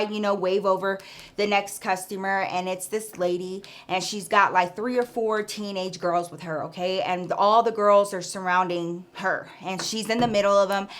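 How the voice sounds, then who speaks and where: A woman's voice: medium pitch, fairly bright tone. A woman vlogger telling a story in a frank, chatty way, talking straight to the listener. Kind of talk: casual storytime chat.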